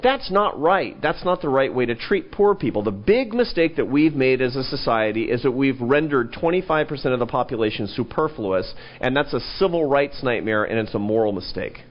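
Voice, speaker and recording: A man in an interview, an animated storyteller who jumps up in pitch when quoting people. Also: fairly quick, hardly any pauses. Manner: animated storyteller, rises sharply in pitch for quoted lines. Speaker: interview guest, think-tank president. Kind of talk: conversational interview. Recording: dull lo-fi event recording.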